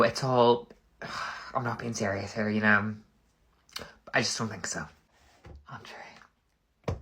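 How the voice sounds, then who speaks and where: Rambling man, flat delivery. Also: medium pitch. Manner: rambling, full of "like" and backtracking. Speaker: content creator. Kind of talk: casual comedic monologue.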